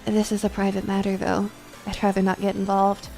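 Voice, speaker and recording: A dry, stern nun who delivers everything in a cool, measured deadpan, as a woman streamer puts her on. She sits lower and softer than the streamer's usual bright voice, unmoved by any panic around her. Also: gravelly, soft background music, lightly acted, poor audio. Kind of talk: voice acting a game's dialogue on stream.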